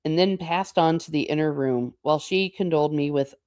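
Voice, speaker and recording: A woman's voice: sits low, fairly quick, darkish tone, no room sound, studio quality. Chatty woman reading a classic novel aloud. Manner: chatty, laughs often, reacts to the text. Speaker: book channel host. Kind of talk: reading aloud with casual commentary.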